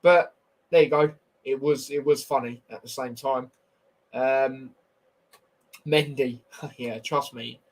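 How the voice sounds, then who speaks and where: A man's voice: medium pitch, fairly even intonation, slow, long pauses, poor audio. A young man hosting a casual football review stream, blunt and opinionated with slangy banter. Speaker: football podcast host.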